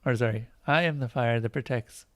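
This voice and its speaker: A young man streaming a text game, reading its lines aloud in a flat, clipped tone and breaking off to joke and laugh. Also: mid-range voice, fairly quick, dry recording, clean studio sound. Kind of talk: casual let's play with read-aloud game text.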